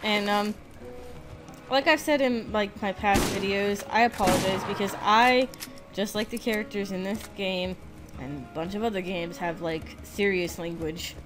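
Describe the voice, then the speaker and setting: Casual let's play voice: a woman gamer with a slight lisp, chatty and self-deprecating, over clear game music. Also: mid-range voice, moderate pace. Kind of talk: casual gameplay commentary.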